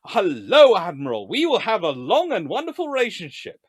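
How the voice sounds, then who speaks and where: A man's voice: high-pitched, wildly swooping pitch, moderate pace, slightly rough, dry recording, full character voice. Brief: stiff, pompous male minister, formal and repetitive, as a lecturer puts him on, in a dry, close sound. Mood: stiffly formal. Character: pompous male government minister, formulaic greeter.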